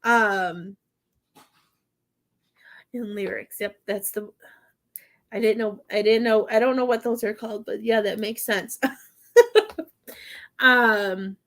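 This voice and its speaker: A woman's voice: mid-range voice, fairly even intonation, takes it slowly, pauses often, a bit bright. A woman giving a psychic medium reading on a live stream, talking in a hesitant, rambling way with many fillers and often getting choked up. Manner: emotional, gets choked up.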